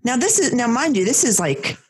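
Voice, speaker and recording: A woman tells a personal story in a casual chat. Her voice is husky and breathy, and she talks in an animated way, full of fillers and restarts. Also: on the high side, brisk.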